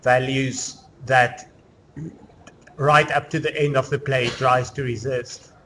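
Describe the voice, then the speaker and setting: A man's voice: medium pitch, fairly even intonation, takes it slowly, sharp tone, slight background noise. A man giving a university literature lecture in a loose, conversational way, full of fillers and restarts. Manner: conversational, explaining with many fillers. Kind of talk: classroom lecture. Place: lecture room.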